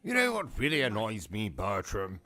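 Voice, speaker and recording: A British man hosting a gaming livestream, ranting in a pompous, insulting comic persona with deadpan dark humor. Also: lowish voice, moderate pace. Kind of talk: comic in-character rant.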